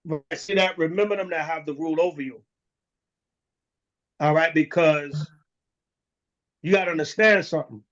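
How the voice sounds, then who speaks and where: High-pitched guy preaching real blunt, cussing and slangy, muffled lo-fi sound. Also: normal speed, long pauses. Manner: blunt and profane, with street slang. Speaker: elder teaching a congregation. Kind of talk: preaching lesson.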